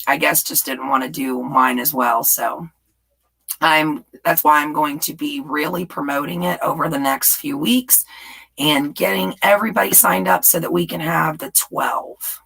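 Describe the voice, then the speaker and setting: A woman's voice: low voice, steady tone, a little slow, vocal fry, a bit bright, slightly rough, low-quality recording. A woman hosting a rambling, casual live chat and reading viewer comments aloud. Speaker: livestream host.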